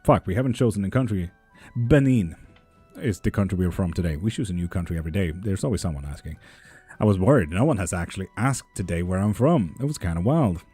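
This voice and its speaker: Low, mellow-voiced man chatting on a stream. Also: expressive, fast talker, breathy edge, soft background music. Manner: joking, swears casually, rambling. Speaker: live tarot stream host. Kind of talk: casual live-stream chat, reading comments.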